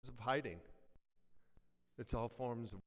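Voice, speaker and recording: A pastor preaching a sermon to his congregation, firing off rhetorical questions and quick jokes, then dropping to a hush for weighty lines. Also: medium pitch. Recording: long reverb, from a large church hall.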